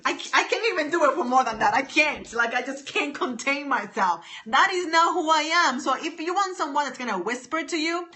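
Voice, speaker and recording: A woman's voice: on the high side, sharp tone. A woman business coach giving an emphatic, exuberant motivational talk on a live stream from her home office. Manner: emphatic, exuberant, repetitive exhortations.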